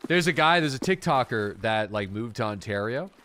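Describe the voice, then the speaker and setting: A man's voice: mid-range voice, a little hiss or hum. A man from Atlantic Canada, chatting casually and swearing freely while he streams a game. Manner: animated, swearing, quick to laugh. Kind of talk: casual livestream chat while gaming.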